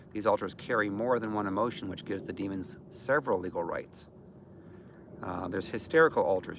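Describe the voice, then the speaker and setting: A man's voice: low-pitched, creaky, a bit bright, slight background noise. A man giving an informal, earnest teaching talk on healing, speaking conversationally with many fillers. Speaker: deliverance minister.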